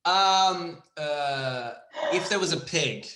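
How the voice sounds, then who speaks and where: A man's voice: a little high, takes it slowly, sharp tone, roomy sound. A young man co-hosting a casual podcast, joking around, swearing freely and slipping into silly voices. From Ireland. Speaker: podcast co-host. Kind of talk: casual chat.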